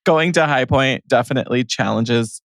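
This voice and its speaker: A man's voice: mid-range voice, moderate pace, no echo, clean studio sound. Playful man cohosting a podcast. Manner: playful, joking, laughs easily. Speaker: podcast co-host. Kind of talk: casual chat.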